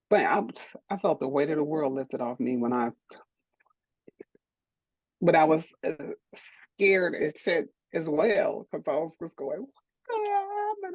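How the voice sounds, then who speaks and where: A woman's voice: very deep voice, darkish tone, husky, no echo, highs cut off. A middle-aged woman from Detroit, a DJ and producer, giving candid interview answers in a frank, emphatic, encouraging way. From Detroit, USA.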